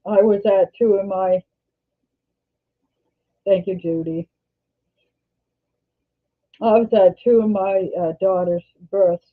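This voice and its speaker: An older Canadian woman hosting a casual livestream, talking in a rambling, halting way and often restarting her sentences. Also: medium pitch, fairly even intonation. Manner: rambling, halting, self-correcting. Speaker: livestream host. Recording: tinny phone-like sound.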